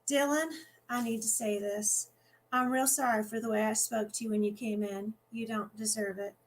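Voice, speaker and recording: A woman voicing a tired, grumpy dance teacher with a country twang in a gentle storybook reading. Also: on the high side, steady tone, moderate pace, natural voice, low-quality recording. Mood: coaxing.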